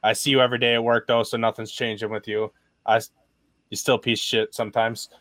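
A man's voice: medium pitch, flat delivery, fast talker, fairly bright tone, no echo. A man co-hosting a podcast, joking crudely with friends, then saying sentimental goodbyes. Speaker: podcast co-host. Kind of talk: casual podcast banter.

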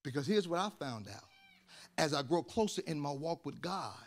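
A man pastor preaching with animated storytelling, repeating words in bursts and building to loud shouts. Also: a little high, moderate pace. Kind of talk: sermon.

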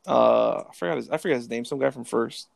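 Chill young guy w a gravelly voice, cussing, telling stories, dry mic. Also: medium pitch, fast, dry recording. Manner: laid-back, profane storytelling. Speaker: soldier. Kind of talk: casual chat.

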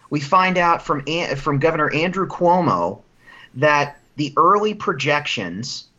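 Indignant male podcast host, bright lo-fi. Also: medium pitch. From New Jersey. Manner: indignant, mocking, rising to outraged exclamations. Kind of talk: opinionated news commentary.

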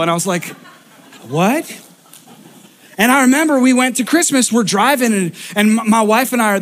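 A young man preaches in a casual storytelling way, joking about himself and laughing between lines. His voice sits noticeably high for a man, and he moves easily between quick asides and slower sermon points. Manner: animated, self-deprecating storytelling with laughter. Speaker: pastor.

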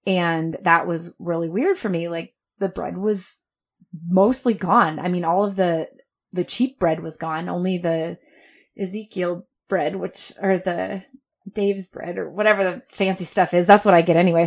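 A woman's voice: lowish voice, fairly even intonation, unhurried. A woman in her thirties co-hosting a podcast, telling a story with lots of laughter and quoted asides. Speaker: podcast co-host. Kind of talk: casual chat.

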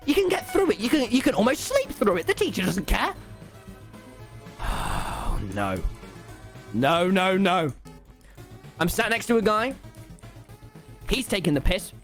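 A man's voice: high-pitched, fairly bright tone. A teenage boy with a British accent tells a rambling, sarcastic school story while gaming live on stream, full of mock self-pity. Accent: British English.

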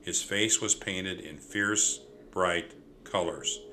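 Bright-toned man narrating a children's story. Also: low-pitched, slow pace, a little hiss or hum.

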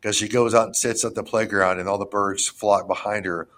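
Rambling, cursing man with a low voice. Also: fairly quick. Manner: excitable, profane, rambling with many restarts. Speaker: podcast host reviewing films. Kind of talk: casual chat.

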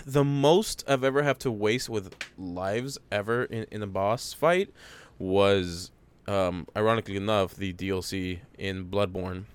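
A man's voice: on the low side, unhurried, slight background noise. A man co-hosting a podcast, explaining game details at length in a rambling way, with many restarts. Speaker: podcast co-host. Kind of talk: casual gaming chat.

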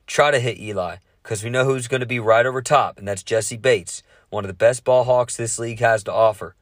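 A man hosting a casual sports podcast, talking fast with lots of swearing and rambling asides. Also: mid-range voice, dry recording, clean studio sound.

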